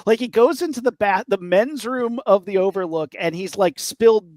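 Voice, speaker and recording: Man, 30s, high-pitched, animated podcast co-host, dry home-mic sound. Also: normal speed, dry recording. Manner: animated, acts out quotes with laughter. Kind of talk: casual chat. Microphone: home mic on a video call.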